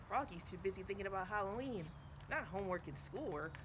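A woman's voice: mid-range voice, animated, brisk, noisy background. A woman librarian leading a children's storytime, cheerful and encouraging, with sign language and a picture book.

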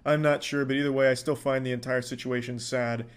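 A man offers measured commentary to camera in a steady, even tone. His pitch barely moves, which gives him a flat delivery. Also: smooth. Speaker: YouTuber giving commentary.

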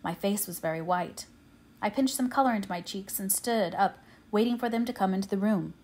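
A woman narrating an audiobook in a measured, quiet, steady way. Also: mid-range voice. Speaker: audiobook reader.

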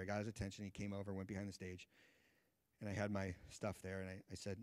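A man's voice: deep voice, completely flat delivery, fast, darkish tone, dry recording. A man in his thirties, a guest Bible teacher, telling a personal story in a sermon and acting out the dialogue. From United States.

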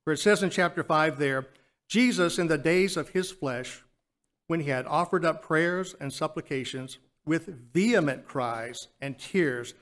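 A man giving an earnest Lord's Supper reflection in church, slowing down to stress key phrases. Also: on the high side, a bit bright. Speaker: church speaker. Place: church sanctuary.

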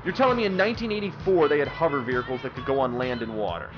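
A man's voice: mid-range voice, racing, lo-fi sound, music in the background. A young man swearing and ranting in exasperation as he comments on his own gameplay. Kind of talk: let's-play commentary.

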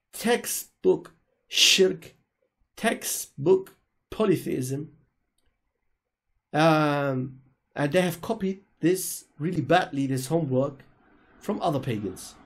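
His voice runs on the high side, with vocal fry and a breathy edge. Answering questions over an online call in a religious argument, the man sounds emphatic and preachy, repeating himself for emphasis.

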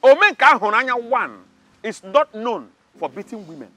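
A Nigerian actor playing an arrogant, mocking palace security chief who shouts insults. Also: male voice, very animated, normal speed, full character voice. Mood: taunting. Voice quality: high, bright, shouting and mocking. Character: arrogant loud-mouthed male palace guard. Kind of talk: Nollywood drama acting.

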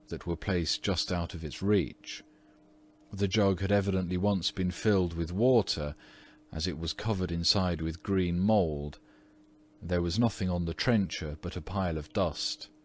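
A man reading a classic novella aloud as an audiobook narrator, in measured storytelling. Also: sits low. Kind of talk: scripted narration.

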